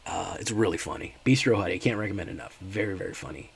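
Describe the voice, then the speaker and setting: A man's voice: fairly low pitch, racing, gravelly, few pauses, fairly bright tone, slightly rough. A man streaming a card game, chatting in a laid-back, rambling way with his viewers. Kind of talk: casual gameplay chat.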